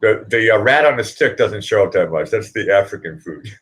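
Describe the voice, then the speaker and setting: A man's voice: on the low side, animated, a little fast, fairly bright tone. A man hosting a casual livestream chat, rambling and joking and laughing often as he talks. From United States. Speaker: livestream host.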